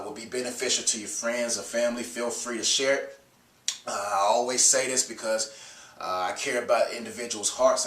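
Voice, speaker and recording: A congested man gives earnest, preachy advice about faith and emotions, pausing on fillers as he goes. He stands off the mic, and the room around him rings with echo. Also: on the low side, a bit bright, recorded from a distance. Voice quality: nasal. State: stuffed up from a cold. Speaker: Christian video host. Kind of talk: casual faith advice talk.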